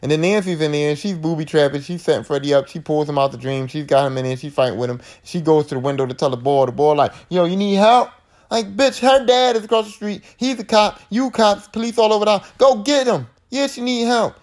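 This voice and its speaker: A man's voice: fairly high pitch, quick pace, few pauses. A man hosting a podcast, recapping a horror film in a casual, profane monologue and acting out the characters' lines. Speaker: podcast host.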